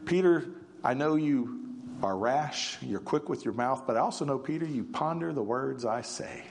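A preacher voicing Jesus as a calm, knowing teacher who speaks gently and steadily. The pitch is middling. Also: male voice, moderate pace, vocal fry. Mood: reassuring.

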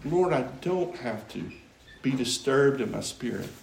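A man's voice: medium pitch, lively intonation, unhurried, creaky, darkish tone. A man preaching a Bible teaching, earnest and musing, asking questions aloud. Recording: roomy echo with faint background noise.

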